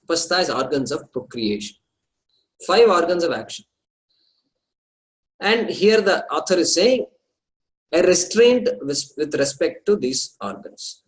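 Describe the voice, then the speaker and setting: A man teaching a scripture study class, explaining terms slowly and repeating them, with some hesitant pauses as he talks to his students. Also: on the high side, sing-song, poor audio.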